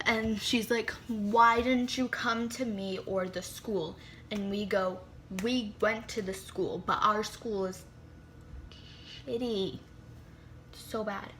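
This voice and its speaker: A teen vlogger with a mid-range, fairly bright voice and fairly even intonation talks at a slow pace, recorded on a phone with slight background noise. Her chatty storytime is heavy on "like" and sprinkled with dramatic whispered remarks.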